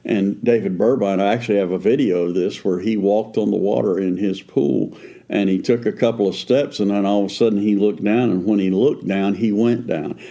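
A man's voice: on the low side, steady tone, brisk, creaky, mellow. A man co-hosting a faith podcast, talking in an earnest, conversational way with frequent restarts. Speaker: pastor and podcast co-host.

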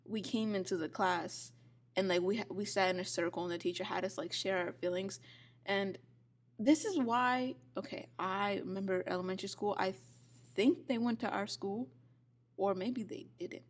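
A woman's voice: mid-range voice, moderate pace. Chatty young woman, casual hedging talk. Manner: chatty, hedging, unsure of her memories. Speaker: podcast co-host. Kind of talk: casual chat.

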